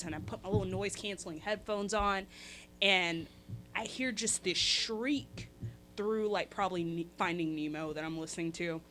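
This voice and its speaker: A woman's voice: medium pitch, normal speed, slight background noise. A young woman guest on a podcast, telling a funny story in a casual, chatty way and acting out what people said. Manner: animated, acts out quotes with shifting voices; chatty, laughs through her story.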